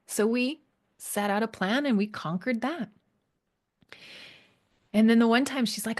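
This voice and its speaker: Middle-aged woman coach, earnest n encouraging, leans on repeated words, mid pitch. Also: moderate pace. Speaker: alcohol coach and podcast host. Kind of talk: motivational monologue.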